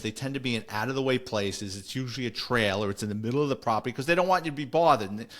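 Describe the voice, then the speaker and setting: A man's voice: medium pitch, fairly bright tone. A middle-aged man, a former police officer telling a story in a wry, conversational way on a podcast. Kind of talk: casual storytelling.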